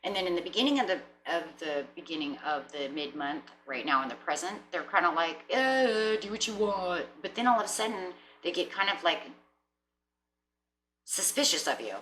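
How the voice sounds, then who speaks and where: A woman giving a casual tarot reading, chatty, often clearing her throat and checking in with "right?" and "you know?". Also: deep voice, lively intonation, fairly quick, sharp tone, slight background noise. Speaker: tarot reader. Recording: roomy echo.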